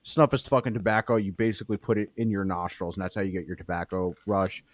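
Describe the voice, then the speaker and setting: A man co-hosting a studio podcast, swearing freely and telling crude workplace stories with animated voices for the people in them. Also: low-pitched, fast talker, dry recording. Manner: profane, animated storyteller doing voices of coworkers. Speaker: podcast co-host. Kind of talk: crude casual chat and storytelling. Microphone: studio mic.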